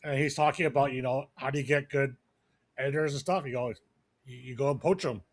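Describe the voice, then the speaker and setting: In a dry recording, a man with a medium-pitched, steady voice co-hosts a podcast at a slightly quick pace. His talk is loose, casual chat that wanders, with many fillers and false starts.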